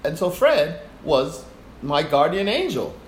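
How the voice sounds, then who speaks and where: An older man recalls a story as an interview guest, animated and acting out the voices as he goes. His pitch rises and falls freely. The room around him is echoey, with a faint hiss. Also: measured pace. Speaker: guest performer. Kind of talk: storytelling in conversation.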